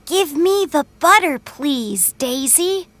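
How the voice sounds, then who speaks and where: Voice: high voice, animated, slow, a bit bright, pitched above the performer's own voice, full character voice. A storybook reader voicing a polite, eager little child asking a friend for food. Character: small child Robin, polite and helpful.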